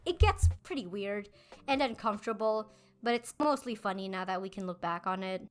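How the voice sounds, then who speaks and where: A woman in her twenties, a medical student, narrating a scripted commentary video in a measured, explanatory way. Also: mid-range voice, lively intonation, background noise. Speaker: YouTube commentary host.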